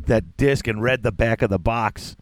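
A man's voice: mid-range voice, moderate pace, dry recording. Rambling man in casual chat. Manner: rambling, animated, many restarts. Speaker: podcast co-host.

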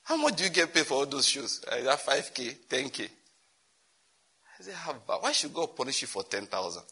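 Nigerian man, sermon, lively swooping pitch, husky bright voice, storytelling with laughs. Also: normal speed. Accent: Nigerian English. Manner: animated storytelling, laughs and acts out dialogue. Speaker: preacher. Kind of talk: sermon teaching.

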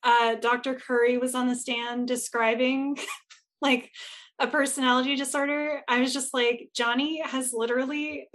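A woman's voice: high-pitched, level tone, moderate pace, a bit bright. A woman co-hosting a casual talk show, candid and blunt, who swears freely and acts out the quotes she retells. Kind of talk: casual chat.

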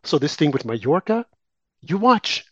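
A man's voice: a little high, very animated, unhurried, no room sound. A man co-hosting a political talk show, delivering emphatic, heated opinion commentary aimed at his co-host. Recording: dull, lo-fi and dry.

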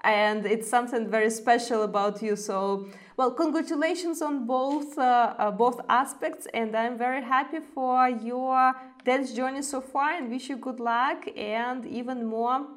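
A woman's voice: fairly high pitch, steady tone, a little slow, few pauses. A woman hosting a casual interview, asking encouraging questions with filler words. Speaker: podcast host and dance club leader.

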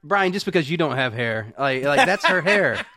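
A man's voice: fairly high pitch, lively intonation, normal speed, bright, forceful tone, no echo. A man co-hosting a film podcast, teasing and joking in casual chat. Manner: teasing, jokey. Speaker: podcast co-host.

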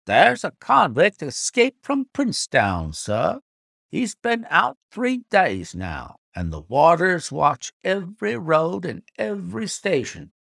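Guy doing a gnarled little coachman, higher and louder, blunt storybook warning. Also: wildly swooping pitch, slow pace, vocal fry, no echo, clean studio sound, full character voice. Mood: grave warning. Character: gruff hard-faced little old coachman.

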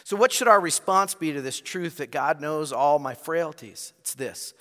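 A man's voice: on the high side, moderate pace, fairly bright tone. A man preaching a sermon as pastor, earnest and direct, appealing straight to his congregation in a church. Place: church sanctuary. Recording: long reverb of a large hall.

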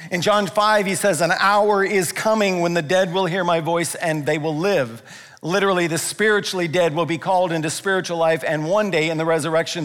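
Man preaching in a reverberant hall. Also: high-pitched. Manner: animated storytelling with playful quoted voices. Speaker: pastor. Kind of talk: sermon. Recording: long reverb of a large room.

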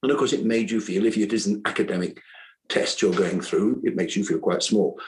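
A man's voice: on the low side, a little fast, slight background noise, low-quality recording. An older man, an author who once taught school, talks reflectively in an interview, earnest and rambling, often restarting his sentences. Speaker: author and former teacher.

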